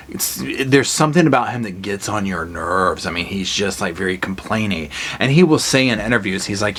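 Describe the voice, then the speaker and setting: A man giving a casual, animated horror movie review, retelling scenes with blunt, jokey asides. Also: on the low side, moderate pace. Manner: animated storytelling with acted-out quotes.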